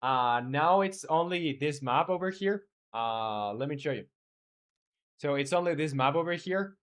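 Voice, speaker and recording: A man's voice: fairly high pitch, expressive, a little slow. A man talking casually while streaming game development, reading chat aloud and rambling with many fillers.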